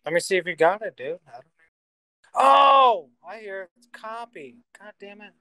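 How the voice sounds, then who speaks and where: A man's voice: sits high, lively intonation, normal speed, sharp tone, dry recording, rough recording. A man hosting a casual livestream, joking and swearing while he fumbles with a computer. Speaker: host.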